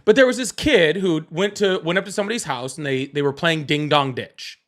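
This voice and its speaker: A Southern man with a slightly raised pitch hosts a casual live stream and takes callers. He is blunt and teasing, and he laughs often between remarks. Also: brisk, a bit bright. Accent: Southern American. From American South. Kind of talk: casual live call-in chat.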